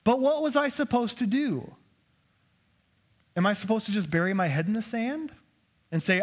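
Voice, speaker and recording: A man's voice: high-pitched, animated, moderate pace, pauses often. A man preaching a sermon in a conversational way, asking rhetorical questions and joking at his own expense. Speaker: pastor.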